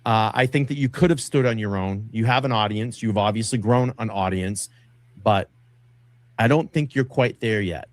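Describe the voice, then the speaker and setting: A man in a played stream clip, talking slowly and deliberately in a lecturing tone. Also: on the low side, no room sound. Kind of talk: slow stream monologue.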